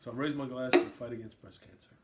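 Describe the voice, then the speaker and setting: A man's voice: medium pitch, fairly even intonation, racing, noisy background. A man from Queens hosting a casual sports podcast, riffing and raising toasts. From Queens, New York. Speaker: podcast host.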